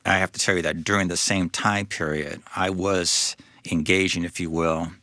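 A man who is a guest on an interview, telling his story as a father in a reflective, halting way with many restarts. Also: sits low, fairly even intonation, bright, forceful tone, no echo. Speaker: guest, father of a son with a disability. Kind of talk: personal testimony in a faith interview.

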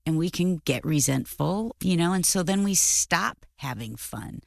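Low, gravelly-voiced woman host. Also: lively intonation, unhurried, a little mellow, no echo, clean studio sound. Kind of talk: casual interview chat.

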